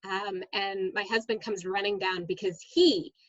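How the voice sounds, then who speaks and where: A woman's voice: medium pitch, unhurried, highs cut off, a little hiss or hum. Chatty woman teacher telling stories. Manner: lively storyteller, many "um"s. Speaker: middle school science teacher, guest. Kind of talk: casual interview storytelling.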